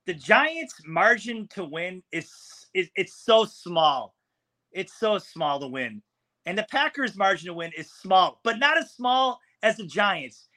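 A man co-hosts a casual sports podcast, breaking down a game in a blunt, frustrated way. His voice is bright and sits a little high. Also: big pitch swings, unhurried. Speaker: podcast co-host.

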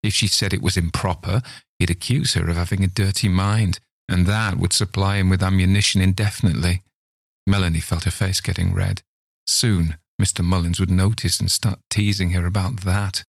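A man reading a story aloud in a measured, unhurried narration. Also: low-pitched, level tone, gravelly, no room sound, clean studio sound. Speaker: reader of stories.

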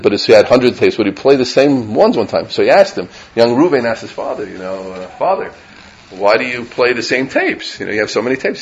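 Middle-aged rabbi teaching with lively banter. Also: male voice, medium pitch, muffled recording. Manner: conversational, checks in with listeners by asking "right?"; lively, mixes in Hebrew and Yiddish terms. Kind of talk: informal Torah lecture. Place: lecture room with a live audience.

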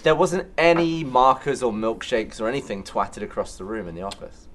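A man's voice: mid-range voice, expressive, normal speed, background noise. A man co-hosting a podcast in casual chat, teasing and indignant. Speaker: podcast co-host.

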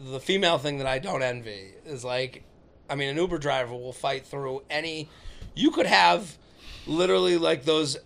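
A man's voice: a little high, moderate pace, vocal fry, fairly bright tone. A man in his thirties, a comedian guest on a podcast, rambling casually with lots of fillers and acting out quoted lines. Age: 30s.

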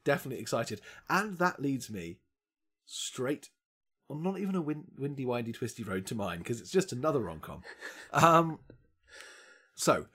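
An enthusiastic man co-hosting a relaxed film chat. His pitch swings widely as he talks, leaping up when he is surprised or delighted. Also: normal speed, husky. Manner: enthusiastic, exclamatory. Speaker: podcast co-host.

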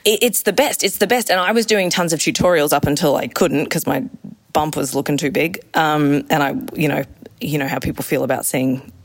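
Enthusiastic woman, lively storytelling. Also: low-pitched, a little fast. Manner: enthusiastic, acts out quotes in shifting voices. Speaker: roller skating instructor. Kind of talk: casual interview chat.

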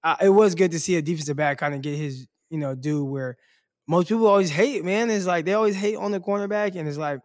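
A man in relaxed sports chat, his voice a touch higher than most men's. He rambles in loose, slangy sentences full of fillers and casual swearing. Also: fast. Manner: loose and rambling, heavy on "like" and "bro". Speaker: sports podcast co-host.

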